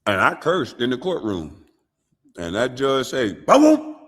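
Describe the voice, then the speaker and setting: A man hosting a show, talking in casual, animated and profane commentary. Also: mid-range voice, measured pace, slight background noise. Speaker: show host.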